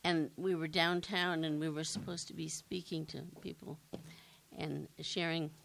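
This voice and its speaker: Older woman, congregant, low creaky voice, reflective anecdote. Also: flat delivery, a little slow, fairly bright tone, poor audio. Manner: hesitant, reflective storytelling. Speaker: congregation member.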